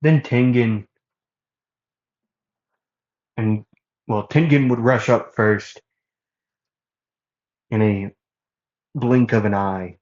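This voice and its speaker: A man's voice: medium pitch, slow, pauses often, darkish tone. A man casually narrating a fan-made story, rambling with many fillers and self-corrections, on a dull lo-fi recording.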